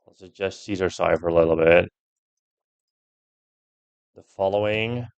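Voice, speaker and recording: A young man with a fairly low voice commentates a puzzle game, working it out step by step. He swears freely and gets loudly annoyed when a puzzle beats him. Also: a little slow, vocal fry, clean tone, lo-fi sound. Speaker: gameplay streamer.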